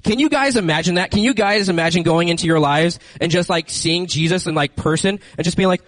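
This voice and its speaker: A man preaching a lively, conversational sermon into a handheld microphone, speaking directly to his listeners. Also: high-pitched, fairly quick, few pauses, dry recording, low-quality recording. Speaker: youth preacher. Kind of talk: lively sermon with acted-out scenes.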